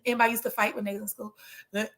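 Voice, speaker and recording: A woman, a hair coach, telling her story in animated casual chat and speaking straight to her viewers. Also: medium pitch, racing. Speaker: trichologist and hair business coach. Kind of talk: motivational casual talk to viewers.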